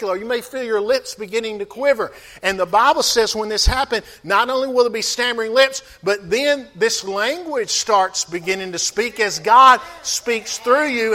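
A man's voice: extremely high pitch, bright, forceful tone. A man pastor preaching a sermon, calling out to the congregation for responses.

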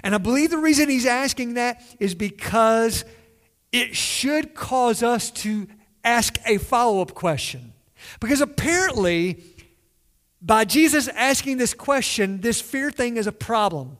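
A man's voice: very high-pitched, lively intonation, a little slow, fairly bright tone. A man preaching a sermon in a conversational way, asking the listeners questions and acting out quoted lines. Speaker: pastor.

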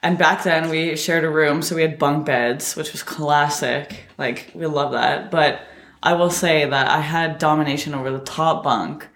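Young woman, casual chat, animated storyteller, lowish voice, echoey room. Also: a little slow. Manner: animated, laughing often, acting out her younger self with high shouts.

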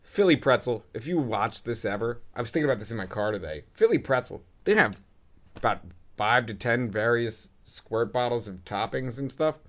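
A young man co-hosting a casual chat, rambling through animated stories with swearing. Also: medium pitch, moderate pace. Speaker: podcast co-host.

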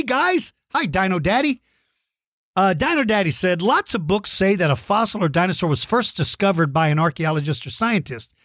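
A man's voice: high voice, a bit bright, no echo, studio quality. A man hosting a podcast, reading listener mail and cheering kids on with playful encouragement. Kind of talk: enthusiastic shout-outs to kids.

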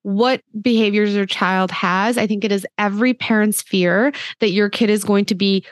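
A woman in her thirties hosts a podcast conversation in an earnest, chatty way, tossing in "like" often. Her voice sits at an ordinary middle pitch. The recording is close and dry, with no room sound. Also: fairly even intonation, normal speed, dry recording. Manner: earnest, chatty, many "like" fillers. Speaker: podcast host. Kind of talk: casual podcast chat.

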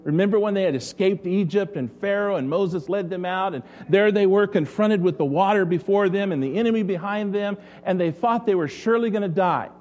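Man, pastor, sermon, rhetorical questions, fairly high-pitched. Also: fairly quick, hardly any pauses, a little mellow, dull audio. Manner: preaching with rhetorical questions to the congregation.

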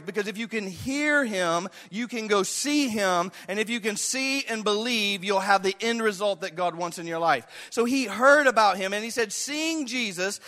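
In an echoey hall, a man preaches a dramatic sermon, acting out the voices of Bible figures and of his listeners. His voice sits high and has a sharp tone.

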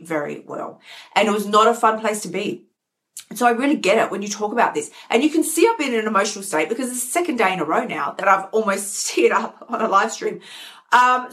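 A woman's voice: mid-range voice, fairly bright tone. A woman hosting her own show, talking candidly and emotionally, repeating words for emphasis. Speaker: podcast host. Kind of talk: candid personal talk. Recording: live stream.

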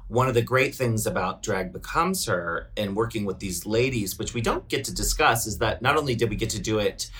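A man's voice: on the low side, expressive, a little fast, a bit bright. A middle-aged man hosting a podcast in casual chat, chatty and playful, laughing often and teasing his co-host.

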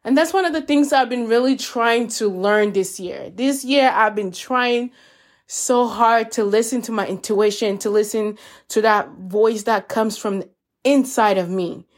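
A woman hosting a self-help podcast, talking in a gentle, encouraging way and calling her listeners y'all. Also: on the high side, a little slow. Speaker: podcast host. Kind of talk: reflective self-help talk.

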